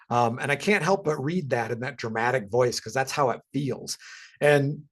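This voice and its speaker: A man's voice: medium pitch, normal speed, husky. Man presenting a casual wildlife webinar. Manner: conversational, many ums and restarts. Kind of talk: casual educational talk.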